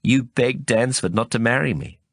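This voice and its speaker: A man's voice: medium pitch, normal speed, a bit bright, no room sound, studio quality, voice pushed up. A man voicing a composed young woman with an Australian accent, a dryly amused undercover officer, in an audiobook reading.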